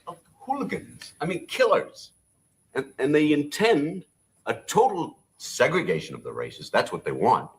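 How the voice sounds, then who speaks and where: A man's voice: fairly high pitch, wildly swooping pitch, measured pace. A man guesting on a television talk show, scornful and accusing, often cutting in. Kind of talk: heated archival TV debate.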